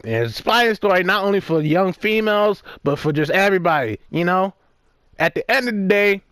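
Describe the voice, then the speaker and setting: A man's voice: on the high side, fairly bright tone, dry recording. A man casually reviewing a movie in one take, rambling with lots of fillers and frequent swearing. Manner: rambling, profane, fillers and restarts.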